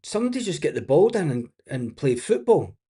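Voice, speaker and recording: A man's voice: a little high, very animated, a little fast, dark tone, husky. A man giving blunt, exasperated live match commentary as a watch-along host, swearing freely and laughing often.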